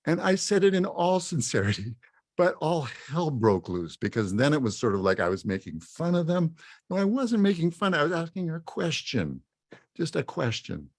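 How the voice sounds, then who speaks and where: A man's voice: on the high side, big pitch swings, moderate pace, no echo, studio quality. A man in his seventies from Saskatchewan telling a self-mocking story at a fireside talk, chuckling often. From Saskatchewan, Canada. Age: 70s. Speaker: musician and speaker.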